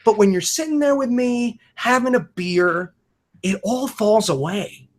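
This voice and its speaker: This man's voice sits high and unhurried as he, a podcaster and comedian, talks emphatically and earnestly in a casual video-call chat, swearing freely and often restarting what he's saying.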